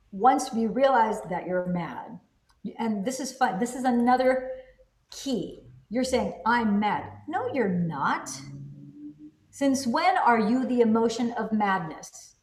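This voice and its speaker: A woman host talks in a rather high voice, pressing her points with quick rhetorical questions and snapping back her own answers. The room around her gives the recording a noticeable echo. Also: animated, a little mellow. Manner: emphatic, asks rhetorical questions and answers them. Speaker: host reviewing a self-help book. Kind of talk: casual teaching conversation. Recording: roomy echo.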